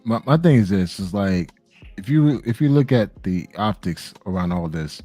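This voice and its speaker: Lowish voice guy hosting a chat, steady, explains things point by point, dry sound. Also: dry recording, faint music behind. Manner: measured, explaining his view point by point. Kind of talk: casual discussion.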